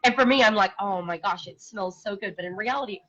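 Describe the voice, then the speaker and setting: A woman's voice: mid-range voice, fast talker, a bit bright. A woman guest in a casual interview who talks bluntly and repeats words as she searches for them. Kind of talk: casual live-stream interview. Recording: dull lo-fi sound.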